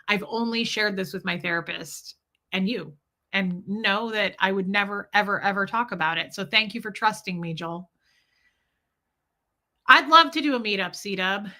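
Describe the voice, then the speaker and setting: Speaking in a medium-pitched voice with a bright, forceful tone, a woman vlogger shares a story and responds to viewer comments. Her manner is candid and chatty, with frequent laughter and direct address to the audience.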